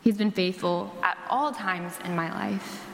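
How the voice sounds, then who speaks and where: A woman's voice: medium pitch, measured pace, vocal fry, a little hiss or hum. A young woman who works at a church, preaching a sermon and telling a personal story in a chatty, casual way, full of "like". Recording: echoey hall.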